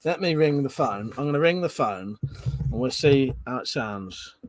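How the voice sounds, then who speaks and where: Speaking in an animated, mid-range voice at an unhurried pace, a British man hosts a casual live stream with no room sound. He's chatty, swears freely and reads out what viewers write.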